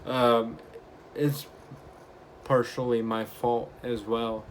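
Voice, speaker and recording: Young man telling a slow, chatty story. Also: mid-range voice, slight background noise. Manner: chatty, animated retelling with acted quotes. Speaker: vlogger. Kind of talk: casual storytelling vlog.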